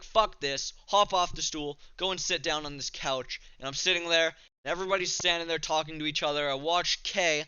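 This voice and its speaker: Young man, casual storytime, very bright and smooth voice, swears a lot, dry close mic, slightly dull recording. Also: fairly high pitch, no echo. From Canada. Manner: profane, rambling, self-mocking. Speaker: vlogger.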